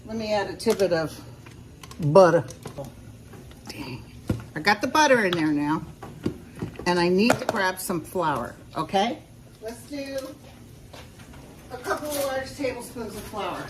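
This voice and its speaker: A woman's voice: medium pitch, animated, unhurried, long pauses, background noise. A woman talking through a recipe in a casual cooking vlog, chatty and folksy and speaking straight to her viewers from her home kitchen. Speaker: home cook showing a recipe. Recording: roomy sound from a distance.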